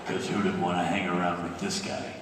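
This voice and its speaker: A man's voice: deep voice, flat delivery, fairly quick. A man with a Southern accent bantering and joking as a convention panelist. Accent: American Southern. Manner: joking, teasing. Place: large convention hall. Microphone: distant phone recording from the audience. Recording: echoey hall recorded from far off. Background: crowd chatter and noise.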